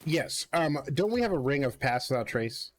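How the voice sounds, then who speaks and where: This is a laid-back man co-hosting a game stream, chatting casually and muttering half to himself as he plays. His voice sits at an ordinary middle pitch. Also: sing-song, normal speed. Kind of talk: casual chat while playing.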